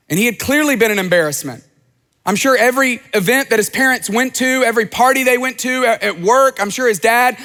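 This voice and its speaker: A man's voice: high-pitched, fairly bright tone, in a large hall. A pastor preaching a sermon in an earnest way, acting out the lines he quotes.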